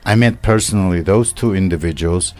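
An older man, a poet guest on a radio show, speaking haltingly with many fillers and formal wording. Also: sits low, darkish tone. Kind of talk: radio interview. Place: radio studio.

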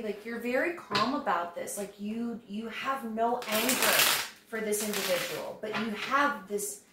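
A woman at a middle pitch talks through a tarot reading for her audience. She keeps it casual and reassuring. Her voice rings in a roomy, echoing space. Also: unhurried, heavy background noise. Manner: conversational, reassuring, acts out quoted voices. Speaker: tarot reader. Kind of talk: channeled tarot reading to viewers. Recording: roomy echo.

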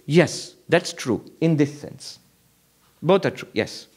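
A man's voice: a little high, animated, takes it slowly, darkish tone, husky. A monk giving a spiritual lecture at a meditation retreat, emphatic and repeating his points with rhetorical questions. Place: retreat hall before an audience.

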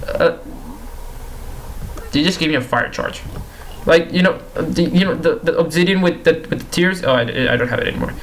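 A young man talks through a game in a casual, slightly high voice, pleading and grumbling at the characters on screen. He repeats himself as he gets exasperated. A faint hum sits under the recording. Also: moderate pace, long pauses, a bit bright, rough recording. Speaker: gaming YouTuber. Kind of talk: casual gameplay commentary.

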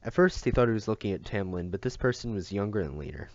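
A man reading a novel aloud as an audiobook, steady and careful, with occasional self-corrections. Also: on the low side, quick pace, dry recording, lo-fi sound. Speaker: audiobook reader.

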